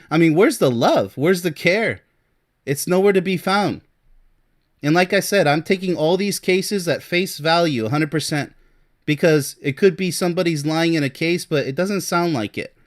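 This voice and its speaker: Emphatic man coaching on relationships. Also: fairly high pitch. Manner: emphatic, fires rhetorical questions, laughs in disbelief. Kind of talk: advice commentary on a reader's letter.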